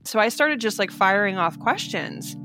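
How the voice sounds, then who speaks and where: A woman, the sister of the subject, retelling events with animated disbelief and getting choked up. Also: mid-range voice, moderate pace, music in the background. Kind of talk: emotional retelling.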